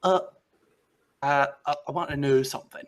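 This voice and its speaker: A man's voice: mid-range voice, moderate pace, lightly acted. A man voicing an eager, chatty male woodsman and scholar who rambles constantly and is setting out into the world for the first time. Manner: rambling, talks constantly, excitable.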